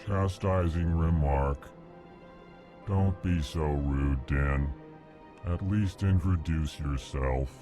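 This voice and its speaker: An actor voicing a huge, formal male alien ambassador who names each emotion before he speaks, in a flat delivery. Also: extremely low pitch, slow. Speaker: diplomat. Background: game music.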